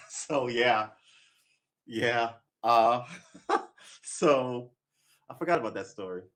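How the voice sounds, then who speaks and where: A man's voice: mid-range voice, expressive, slow pace, a bit bright. A man chatting casually on a live stream, rambling and making wry jokes.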